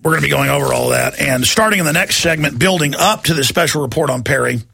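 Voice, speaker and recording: Gravelly, ranting male talk host. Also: on the high side, fast, bright, forceful tone, dry recording. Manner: combative, sarcastic, ranting. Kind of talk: political talk radio monologue.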